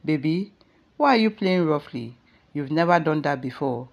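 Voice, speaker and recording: A woman's voice: sits low, animated, normal speed, dull audio. A woman with a Nigerian accent voicing a caring, worried young husband and father in a storybook tale. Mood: concerned.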